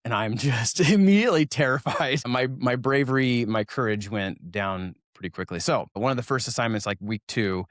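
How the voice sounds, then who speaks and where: A man's voice: mid-range voice, moderate pace, few pauses, dry recording, clean studio sound. A man in his forties from Oregon, telling stories from his school years as an interview guest, joking at his own expense and laughing as he talks. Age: 40s. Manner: self-deprecating, laughs while telling stories. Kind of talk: casual storytelling interview.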